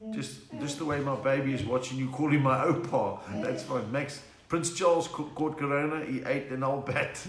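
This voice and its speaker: A South African man hosts a live stream from his home, chatting casually, making puns and reading out viewers' names. His voice is mid-range, and the recording is very noisy with an echoey room sound.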